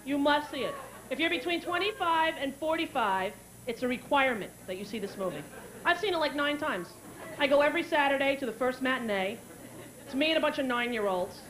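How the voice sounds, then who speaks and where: Animated woman comic with a high voice. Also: fairly quick. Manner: animated, jumps into shrill character voices and sung jingles. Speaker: stand-up comedian. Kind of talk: stand-up comedy routine. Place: stage before a live audience. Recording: live show with loud audience and crowd noise. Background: audience laughter.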